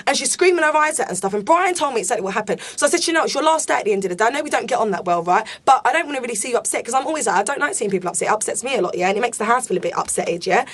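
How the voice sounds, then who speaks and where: A woman reality show contestant, ranting fast and indignantly in a heated diary room confession, swearing often. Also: a little high, lively intonation, a bit bright.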